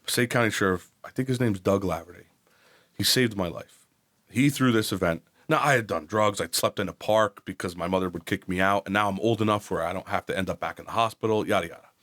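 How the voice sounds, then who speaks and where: Man, 40s, from new jersey, low voice, blunt, swears freely, candid storytelling. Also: quick pace, fairly bright tone. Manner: blunt, profane, acts out quoted voices. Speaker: podcast guest.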